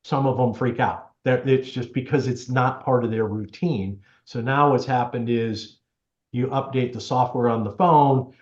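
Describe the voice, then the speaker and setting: A man's voice: medium pitch, measured pace. A man being interviewed, casually telling stories and acting out what people said. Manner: chatty, animated storyteller, acts out quotes. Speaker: tech helper for seniors, guest. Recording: roomy, slightly dull sound.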